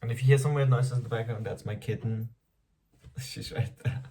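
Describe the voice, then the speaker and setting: A man's voice: medium pitch, steady tone, normal speed, warm tone, recorded from a distance, slight background noise. A man around twenty talking frankly in a casual diary vlog, swearing freely and laughing often. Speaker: vlogger.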